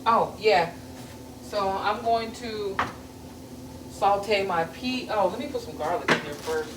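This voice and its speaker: Cooking at home for her vlog, this middle-aged woman from the American South rambles in a chatty, blunt, folksy way, cursing freely and wandering into family stories. Her medium-pitched voice moves slowly and echoes around a bare kitchen, well away from the microphone. Loud frying sizzles beneath her amid the background noise.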